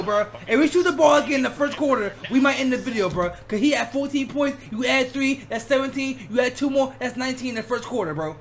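A man with a notably high voice chats casually over game highlights. He's excitable and slangy, tossing in "bro" at every turn. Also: a little fast, few pauses. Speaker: reaction video host. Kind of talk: casual reaction commentary.

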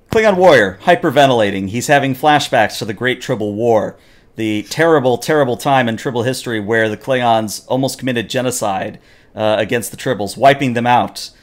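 A man running a tabletop game as game master, narrating the action with animated storytelling and frequent fillers. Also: mid-range voice.

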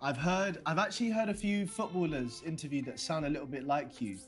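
A man's voice: on the high side, brisk, faint music behind, lightly acted. Actor as a stammering young man on a date. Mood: eager. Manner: hesitant, stammering, polite. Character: hesitant, eager young man on a video date. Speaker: player character on video dates.

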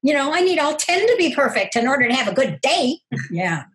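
Older woman speaking earnestly, slightly high. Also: very animated, a little fast, poor audio. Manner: earnest, reflective, laughs softly. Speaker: guest, counselor. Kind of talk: interview conversation.

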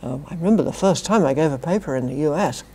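Giving an academic lecture to a university society, this older philosophy professor from Britain talks fast in a low, warm voice with lively intonation. Her British English delivery carries dry, wry wit and little chuckled asides.

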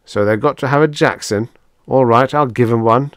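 A man voicing a brash, desperate young spacefarer who shouts in rough slang. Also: mid-range voice, moderate pace, dry recording, clean studio sound, pitched above the performer's own voice, natural voice.

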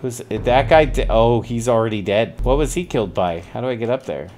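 A man with a medium-pitched voice streams a video game and speaks a little fast, thinking aloud and puzzling over clues between sudden startled outbursts. It's casual gameplay commentary with faint music in the background.

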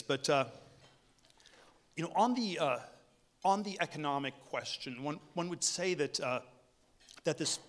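A man giving a conference keynote speech, talking in a halting way with many restarts and fillers. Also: on the high side, fairly bright tone. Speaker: keynote speaker. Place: hotel conference room.

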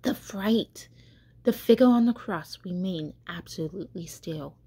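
A woman catechist reading a children's story aloud, slow and careful, with small stumbles. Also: fairly low pitch, dark tone, breathy edge.

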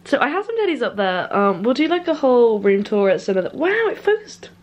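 This student vlogger, a young adult woman, talks casually to camera from her student bedroom, bubbly and giggly. Her mid-range voice is sing-song and quick, recorded on a handheld compact camera.

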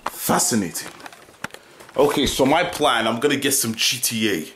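A young man vlogging at home, dramatic and whiny, swinging between loud complaints and mutters. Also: medium pitch, moderate pace, a little hiss or hum. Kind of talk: casual home vlog.

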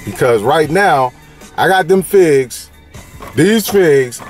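A man's voice: a little high, lively intonation, slow pace, faint music behind. A man from California hosting a casual toy-hunting vlog, with playful slang-filled banter and a sing-song delivery. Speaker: toy collecting vlogger.

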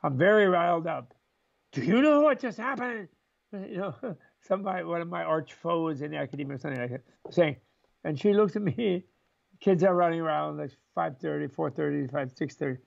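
An older man speaks as a guest in an interview, his voice pitched high with a gravelly edge. He tells rambling, chuckling stories and slips into quoted voices along the way. The recording sounds dull and lo-fi. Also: expressive, a little fast. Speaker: interview guest, Buddhist scholar. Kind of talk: animated storytelling in conversation.

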